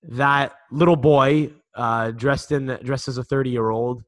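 A man's voice: mid-range voice, fairly even intonation, slow. A man co-hosting a casual sports podcast, rambling with lots of restarts and casual swearing. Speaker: podcast co-host.

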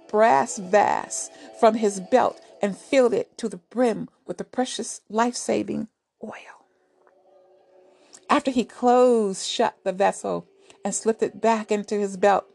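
A woman narrates a folk tale in a soft, breathy voice. She reads slowly and deliberately, pitched a little high. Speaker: storyteller. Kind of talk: storybook narration.

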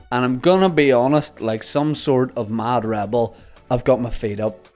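A man's voice: mid-range voice, moderate pace, darkish tone, soft background music. Guy rambling on his podcast, jokey tall tales, mid voice. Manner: rambling, joking storyteller. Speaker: podcast host. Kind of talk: casual solo podcast chat.

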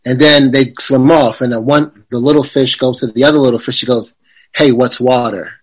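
A man's voice: mid-range voice, fairly even intonation, brisk, husky, rough recording. A man speaking as a podcast guest, reflective and rambling, with fillers and restarts. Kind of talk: casual conversation.

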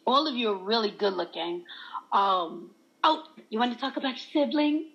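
A woman's voice: fairly high pitch, moderate pace, highs cut off. A woman in casual chat, laughing often and acting out quoted lines as she tells stories. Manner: laughs often, animated storytelling.

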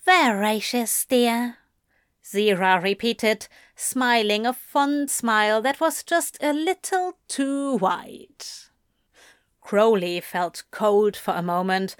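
A woman narrating a fan fiction story aloud with measured, expressive delivery. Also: mid-range voice, smooth, no room sound, studio quality. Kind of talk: audiobook reading of fan fiction.

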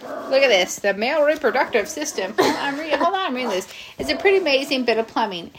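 A woman's voice: sits high, expressive, fast talker, crowd noise. A woman co-hosting a podcast in casual chat, giggly, reading aloud from a book. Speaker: podcast co-host.

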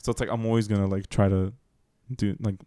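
Rambling young man, low dry voice. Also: little pitch movement, quick pace, warm tone, dry recording. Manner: rambling, filler-heavy, apologetic, laughs often. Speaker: podcast co-host. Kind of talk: casual couple chat.

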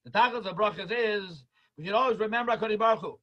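A man's voice: sits high, fast, lo-fi sound. A man teaching a Talmud study class as a rabbi, chanting quoted texts in a sing-song and repeating words for emphasis. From United States.

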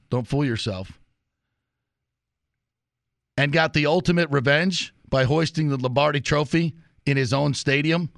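Emphatic sports radio host. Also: male voice, a little high, a bit bright, dry recording, clean studio sound. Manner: emphatic, punchy repetition. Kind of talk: sports talk monologue.

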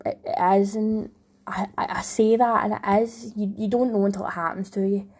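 A woman's voice: mid-range voice, steady tone, moderate pace, darkish tone, husky. A young woman with a Scottish accent telling a heartfelt personal story in a rambling way, often restarting her sentences. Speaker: vlogger, new mum.

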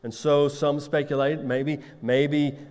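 A man's voice: on the high side, level tone, slow, darkish tone, smooth, long reverb tail. A man preaching a sermon as pastor, talking conversationally and asking his listeners rhetorical questions.

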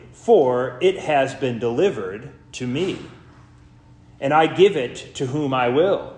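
A man as pastor, reading scripture and preaching a sermon in a church, slow, deliberate and earnest. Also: on the high side. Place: church sanctuary. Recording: echoey church room.

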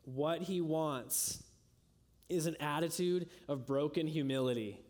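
A young man delivers a sermon in a somewhat high voice. He preaches earnestly, lifting to emphatic peaks and letting phrases fall soft and low. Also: a little slow. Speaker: pastor.

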